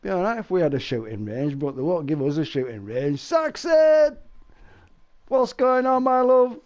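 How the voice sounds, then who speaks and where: A man live-streaming, chatting casually with viewers, rambling and laughing, with exaggerated shouted sound effects. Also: on the high side, very animated, a little fast.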